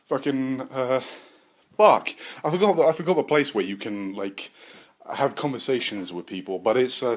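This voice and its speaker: A man hosting a podcast, improvising a comic story in a rambling, profane way. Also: medium pitch. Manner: rambling, profane, many fillers and restarts. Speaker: podcast host.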